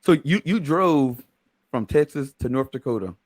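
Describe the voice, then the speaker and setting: Lively relaxed male podcast host. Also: medium pitch, no room sound. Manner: relaxed, quick reactions, laughs along. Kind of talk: casual interview chat.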